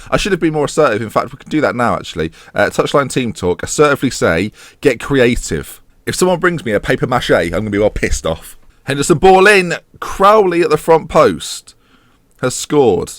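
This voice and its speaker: A man's voice: medium pitch, very animated, brisk, fairly bright tone, no room sound. A man giving casual, sarcastic let's-play commentary, slipping into mock match-commentator patter. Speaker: gaming YouTuber.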